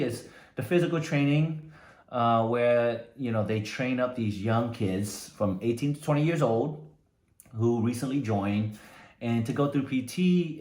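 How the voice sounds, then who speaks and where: Man, motivational talk, low voice, conversational, echoey room. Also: a little mellow. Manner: conversational, frequent "right?" tags. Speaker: motivational speaker.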